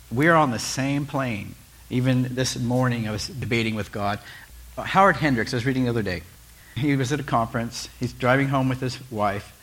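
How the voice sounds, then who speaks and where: There's a little hiss or hum behind this medium-pitched male voice. A pastor gives a sermon in a chatty, animated way, frequently altering his tone and asking the congregation questions.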